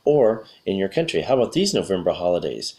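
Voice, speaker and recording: Low-voiced man, slightly hoarse. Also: sing-song, brisk, a little mellow. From USA. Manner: rambling, often correcting himself mid-sentence. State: losing his voice, clearing throat. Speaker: English teacher. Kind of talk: casual spoken lesson for learners.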